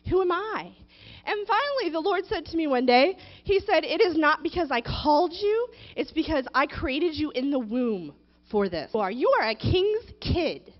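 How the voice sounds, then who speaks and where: A woman minister preaching a sermon, dramatic and acting out people's prayers. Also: sits high. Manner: dramatic, acts out prayers in a whiny childlike voice. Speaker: guest minister. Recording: dull lo-fi recording.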